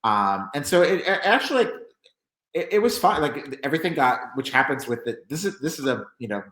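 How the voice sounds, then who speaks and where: A man's voice: medium pitch, very animated, a little fast, a bit bright, echoey room, poor audio. A man speaking as a journalist guest in a casual interview, rambling with many restarts and fillers.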